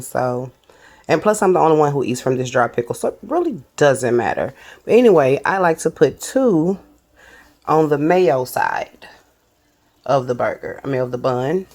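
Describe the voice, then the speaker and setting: A woman's voice: low voice, very animated, moderate pace, creaky, darkish tone. A woman, chatting casually to viewers while she builds and tastes a burger in a cooking vlog. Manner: chatty, addresses viewers as y'all. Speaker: cooking vlogger.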